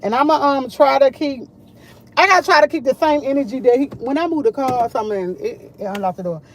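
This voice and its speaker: A middle-aged woman chatting casually to camera, full of animated retellings of what others said. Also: high voice, quick pace. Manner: animated, quotes others a lot. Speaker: vlogger.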